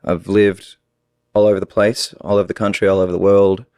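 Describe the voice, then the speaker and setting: An American man with an Australian-tinged accent, telling stories as a podcast guest in an animated, laughing way. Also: sits low, brisk, smooth, dry recording, studio quality. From United States. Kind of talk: casual storytelling.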